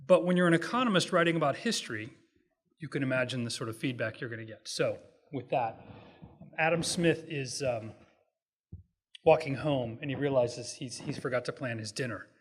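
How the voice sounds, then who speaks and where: Middle-aged male speaker at a hotel event, easygoing and joking, halting restarts, mid-range voice. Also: mid-range voice. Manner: relaxed, self-deprecating, halting restarts. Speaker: guest speaker, economist. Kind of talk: public lecture with jokes.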